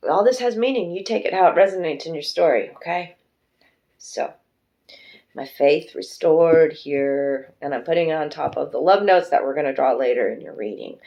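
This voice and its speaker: A woman's voice: low-pitched, gravelly, darkish tone. A woman doing a pick-a-card tarot reading, chatty and emotional, who swears freely and speaks fondly to her viewers. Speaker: tarot reader.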